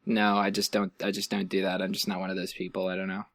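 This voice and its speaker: A young man chatting casually as a podcast host, modest, laughing often and trailing off quietly. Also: low voice, monotone, fast, dry recording, studio quality. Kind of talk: casual chat. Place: sitting on the floor of his room.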